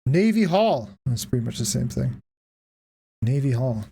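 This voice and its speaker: A woman's voice: rumbling low, very animated, unhurried, dark tone, husky. A woman streaming a game, giving casual, profane, joking commentary and laughing often.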